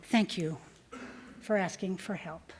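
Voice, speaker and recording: Woman doing calm airline captain, steady kindly questions, dry humor, man's part. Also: fairly low pitch, slow pace, slight background noise.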